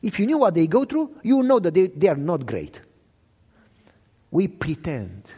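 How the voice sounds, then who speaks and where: A young man who speaks English as a second language, preaching an emotional sermon testimony and swinging from loud cries to hushed low lines. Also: wildly swooping pitch, moderate pace, slightly rough. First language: not English. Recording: echoey hall reverb.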